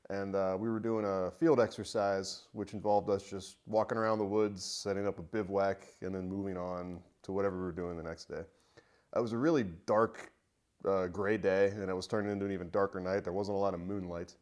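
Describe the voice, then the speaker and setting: Low-voiced man telling a ghost story. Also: fairly even intonation, a little mellow. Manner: conversational, halting with frequent pauses and fillers. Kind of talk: casual spoken ghost story.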